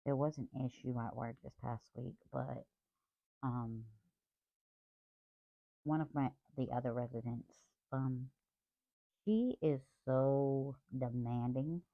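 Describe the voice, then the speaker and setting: A woman's voice: extremely low pitch, takes it slowly, gravelly, long pauses, no room sound. A woman craft vlogger rambling in a casual, apologetic chat about her week. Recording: tinny phone-like dry sound.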